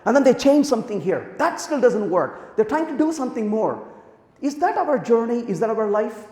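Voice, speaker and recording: A man giving a conference talk, telling lively anecdotes and acting out the dialogue in them. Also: very high-pitched, moderate pace. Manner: animated storytelling, acts out quoted dialogue. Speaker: conference speaker. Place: large conference hall. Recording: echoey hall, long reverb.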